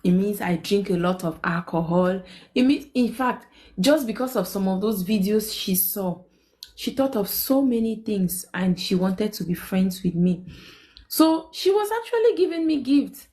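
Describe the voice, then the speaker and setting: A young woman, hosting a live stream and telling a personal story in casual chat. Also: unhurried. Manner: animated, quotes people with big pitch jumps.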